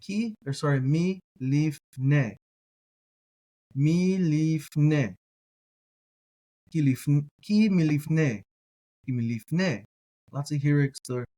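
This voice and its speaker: Slow, deliberate male Hebrew reading teacher. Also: fairly high pitch, dark tone. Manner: slow, deliberate, repeats each word several times; careful, self-correcting.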